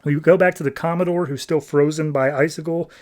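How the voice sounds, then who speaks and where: Young guy on a podcast recapping a comic, loose and chatty, lots of "like", slightly high voice. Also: fairly even intonation, a little fast, a little mellow. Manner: loose and chatty, acts out characters' lines with many "like"s. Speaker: podcast host. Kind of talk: casual comic book recap.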